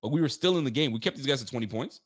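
A man's voice: medium pitch, animated, rapid-fire. A fired-up man giving a rambling sports rant, full of restarts and street slang. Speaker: sports fan commentator. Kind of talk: heated football rant.

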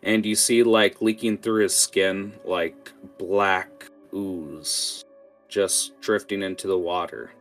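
Slow, low-voiced man narrating a tabletop game. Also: soft background music. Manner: relaxed, halting, with many fillers. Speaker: game master.

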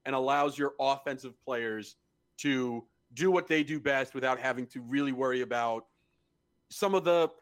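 A man's voice: medium pitch, moderate pace, clear, resonant tone. A man co-hosting a casual sports podcast, talking bluntly and analytically and swearing freely. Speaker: podcast co-host.

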